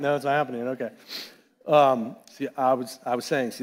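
A man giving a sermon as pastor, talking in a conversational, animated way with asides to the congregation. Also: mid-range voice, fairly quick. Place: church sanctuary. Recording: long church hall reverb.

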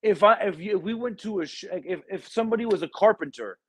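A man's voice: sits high, quick pace, husky. A man hosting a casual podcast chat, laid-back and slangy, often agreeing with his guest.

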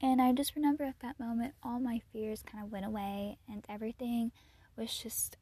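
Gushing teenage girl with a mellow voice. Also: fairly high pitch, little pitch movement, moderate pace, dry recording. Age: teens. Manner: chatty and gushing, with frequent "like" and soft laughs. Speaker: podcast host. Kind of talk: casual solo podcast chat.

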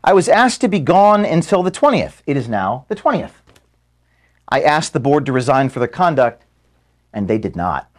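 A man giving a farewell address to his staff, filmed in an office room. He is close to tears and halting, and he stops to apologize as he speaks. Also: mid-range voice, sing-song. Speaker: organization founder giving a farewell speech to staff.

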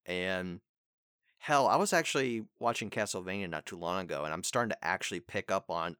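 Voice actor guy chatting, bright ringing voice, dry close mic. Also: medium pitch, sing-song, brisk, smooth, no room sound. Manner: loose, rambling advice with fillers and acted line readings. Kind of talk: casual chat.

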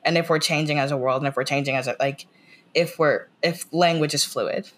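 There's slight background noise as an American woman guests on a casual podcast, her low voice a little fast with fairly even intonation. She meanders, restarts, fills gaps with "like," and relays scenes through quoted lines.

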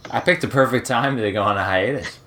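A man's voice: mid-range voice, brisk, a bit bright, a little hiss or hum. A man co-hosting a casual gaming podcast, talking with enthusiasm and laughing often. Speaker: podcast co-host. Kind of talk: casual chat.

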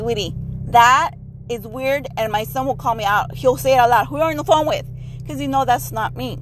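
Blunt high-voiced woman podcaster. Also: a little hiss or hum, rough recording. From Mexico heritage. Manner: blunt, emphatic, mixes Spanish phrases. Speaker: podcast host. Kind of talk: casual podcast monologue.

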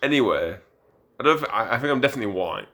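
A man's voice: medium pitch, expressive, fast talker, sharp tone. A young man co-hosting a podcast in casual chat, tipsy from drinking and rambling with stumbling restarts. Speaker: podcast co-host.

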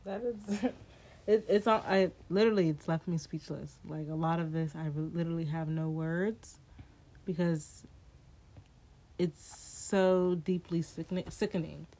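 A woman's voice: fairly low pitch, steady tone, a little slow, warm tone. A young woman co-hosting a podcast, reacting with shock and short remarks in casual chat. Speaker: podcast co-host.

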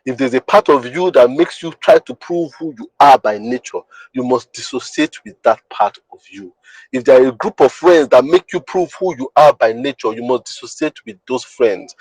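A man of ordinary pitch hosts a podcast and teaches in a monologue. He talks emphatically, repeats his points and keeps checking that the listener understands. His voice sounds dry and close. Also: lively intonation, normal speed, a little mellow, slightly rough, no echo, poor audio. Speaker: podcast host.

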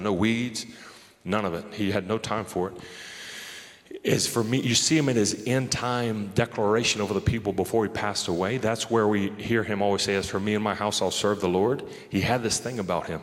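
A man preaching a sermon in a loose, conversational way, often laughing and talking straight to the crowd. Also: lowish voice. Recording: long hall reverb.

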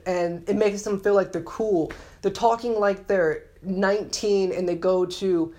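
A man's voice: high-pitched, darkish tone. A man ranting in a casual monologue, annoyed and sarcastic, sometimes mocking others in put-on voices. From San Francisco Bay Area. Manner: mimics women in mocking voices. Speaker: vlogger.

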